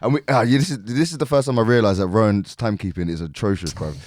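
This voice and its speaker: A man's voice: fairly low pitch, fast talker, darkish tone, dry recording, clean studio sound. Rambling man telling anecdotes. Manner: rambling anecdotes, laughs often. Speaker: podcast co-host. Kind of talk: casual chat.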